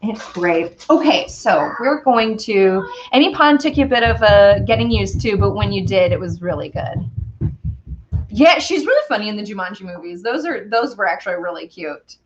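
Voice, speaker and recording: During a relaxed baking stream, the host, a woman with an animated mid-range voice and moderate pace, chats cheerfully with viewers and a little child. The recording is muffled, with noise in the background.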